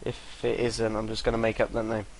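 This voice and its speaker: A man's voice: lowish voice, monotone, a little fast, darkish tone, a little hiss or hum, poor audio. A young man telling a rambling story to camera, swearing freely and laughing between sentences. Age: young adult. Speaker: vlogger.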